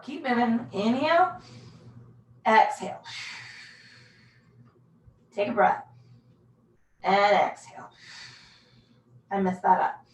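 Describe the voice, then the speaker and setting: A woman leading a pilates class, calmly cueing breaths and moves in a casual, self-deprecating way. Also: fairly high pitch. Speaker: pilates instructor. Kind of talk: guided workout instruction. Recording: echoey room, mic far off.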